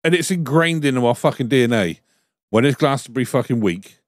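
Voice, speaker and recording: A man's voice: mid-range voice, lively intonation, brisk, no echo, studio quality. A man from the telling sweary stories in casual banter on a podcast, often laughing and slipping into other people's voices. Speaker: podcast co-host. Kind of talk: casual banter among mates.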